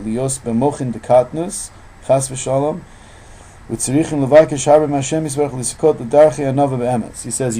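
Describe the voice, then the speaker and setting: A man teaching an informal evening Torah class, telling stories with animated, loud bursts when he acts out quotes. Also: mid-range voice, husky, rough recording.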